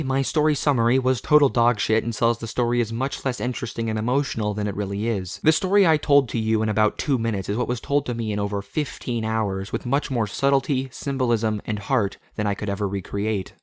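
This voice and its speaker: A man's voice: mid-range voice, dry recording, studio quality. A young man narrating a game essay in a blunt, self-deprecating, profane way. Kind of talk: scripted voice-over narration.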